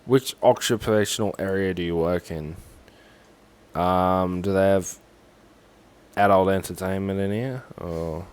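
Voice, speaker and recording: A man's voice: sits low, unhurried, long pauses, smooth. A young Australian man with an Australian accent, rambling sarcastically and swearing as he talks through a form on a casual livestream.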